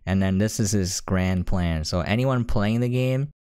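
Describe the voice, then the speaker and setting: A man's voice: lowish voice, a little slow, darkish tone, smooth, dry recording, studio quality. A man giving a casual, sarcastic and exasperated rant as an anime reviewer.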